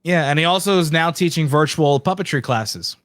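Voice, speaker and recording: A man's voice: fairly high pitch, a little fast, a bit bright. A man co-hosting a casual show chat, enthusiastically plugging upcoming episodes. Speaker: co-host.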